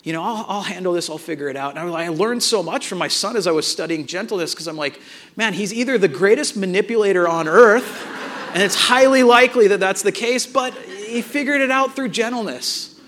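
A man preaching a sermon, telling a family story in an animated way and acting out the dialogue, with frequent restarts. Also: sits high, a little fast. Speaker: pastor.

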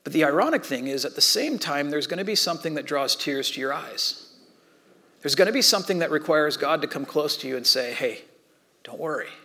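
A man preaching a sermon in a conversational way, swinging between loud and hushed. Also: fairly high pitch, expressive, a little fast. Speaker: pastor.

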